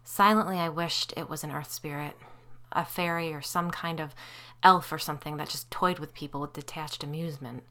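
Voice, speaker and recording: A woman narrating a spooky story in an even, suspenseful way. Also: deep voice, a little fast.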